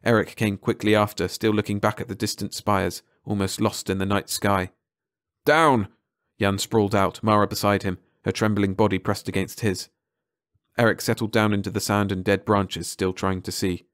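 Low-voiced man reading a story aloud. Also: flat delivery, normal speed, dry recording, studio quality. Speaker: audiobook narrator. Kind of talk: scripted narration.

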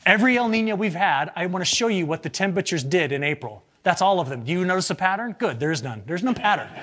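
A man, an agricultural meteorologist, giving a lively, joking slide presentation to farmers and asking the audience rhetorical questions. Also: high-pitched, quick pace, slight background noise.

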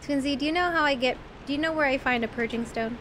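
A woman's voice: high-pitched, fast talker, a bit bright, slight background noise. A woman streamer chatting to her viewers as she plays, shrieking when enemies jump out. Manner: talks to viewers in chat. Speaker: game streamer. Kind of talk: live gameplay commentary.

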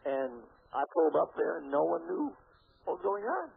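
Gravelly man telling a story by phone. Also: on the high side, normal speed, background noise. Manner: animated storyteller acting out quoted dialogue. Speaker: interview guest. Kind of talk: phone-in radio interview. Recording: phone-line radio broadcast.

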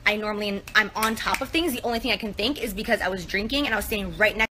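A woman's voice: medium pitch, fast talker, background noise. A woman giving a rambling, apologetic account of her mistake. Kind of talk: apology video.

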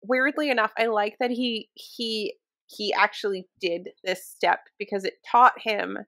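A woman's voice: mid-range voice, fairly even intonation, unhurried, fairly bright tone, no echo. A woman co-hosting a book podcast in casual chat, candid and swearing freely, often laughing. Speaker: podcast co-host.

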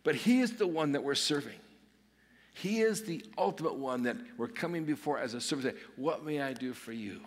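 Pastor guy giving a sermon, middle pitch, echoey church hall, earnest and emphatic. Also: lively intonation, brisk. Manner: earnest, emphatic preaching with dramatic dips and swells. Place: church sanctuary. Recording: long reverb of a church hall.

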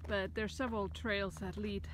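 A woman's voice: medium pitch, flat delivery, normal speed. A woman vlogging while hiking uphill on a desert trail, chatty and enthusiastic, a bit out of breath, sometimes dropping to a near-whisper. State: out of breath from climbing. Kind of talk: casual hiking vlog narration. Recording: windy outdoor handheld recording. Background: wind noise.

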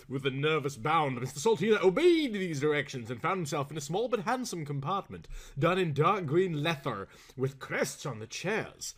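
Lively, expressive male storyteller. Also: a little high, normal speed, few pauses. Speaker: narrator. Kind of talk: storybook reading.

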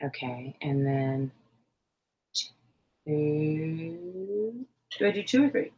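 A woman's voice: low voice, lively intonation, very slow, mellow. A woman hosting a casual crafting livestream who chats with viewers, counts stitches aloud and jokes about her own mistakes. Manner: self-deprecating, chatty, counts stitches aloud.

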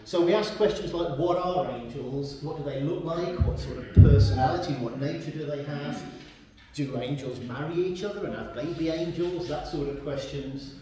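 A man's voice: fairly high pitch, normal speed, noisy background. A man preaching a sermon in a church and reading from the Bible, emphatic and repeating his key points. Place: church hall. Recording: very echoey room.

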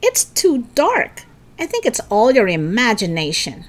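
Woman reading as loud mocking schoolboy, high and lively. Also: a little slow, slight background noise. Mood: scoffing. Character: boastful skeptical schoolboy, stubborn.

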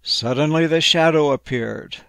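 A man gently narrating a playful, whimsical bedtime story. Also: fairly high pitch, a little slow, gravelly, no echo.

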